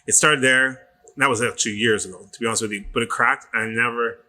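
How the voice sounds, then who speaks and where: A middle-aged male trainer chatting casually on a podcast. His voice is bright, forceful and tense, and his middle-of-the-road pitch jumps whenever he acts out the people in his stories. He swears often and talks in loose, rambling runs. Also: fast. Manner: animated storyteller who acts out quoted voices and swears freely. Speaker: personal trainer.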